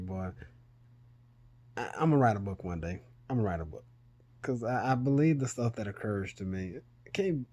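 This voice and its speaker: A middle-aged man, telling a story casually to his vlog audience, animated and swearing freely. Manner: animated, swears freely, rises in pitch when retelling panic. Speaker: vlogger.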